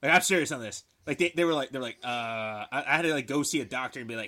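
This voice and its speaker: A man telling a profane, animated story in casual chat. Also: medium pitch, racing.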